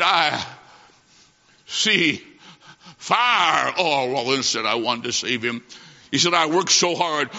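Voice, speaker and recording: A man preaching a sermon, telling a story dramatically with slow delivery and long pauses. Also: a little high, pushed and bright. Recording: hall reverb, dull lo-fi sound.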